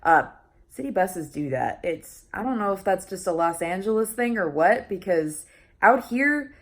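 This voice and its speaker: A woman's voice: medium pitch, lively intonation, moderate pace. A young woman talking casually in a vlog, chatty and full of restarts and fillers, laughing often. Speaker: vlogger.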